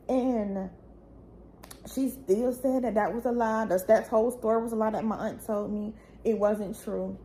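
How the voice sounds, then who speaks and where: A woman's voice: on the high side, warm tone, slight background noise. A young woman, telling her own painful family story in a raw, tearful, pleading way that rises when she gets upset. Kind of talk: emotional personal storytelling.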